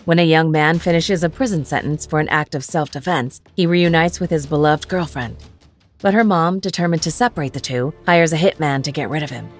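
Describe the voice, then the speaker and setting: A woman reading a scripted narration for a ranked list of films, with an even, measured delivery. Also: deep voice. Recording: soft music behind.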